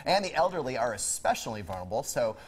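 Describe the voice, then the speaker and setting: A man's voice: medium pitch, very animated, fast talker, husky. A man co-hosting a live morning TV show in a studio, jet-lagged and joking around between news items. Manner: playful, joking, jumps into silly voices. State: tired from travel.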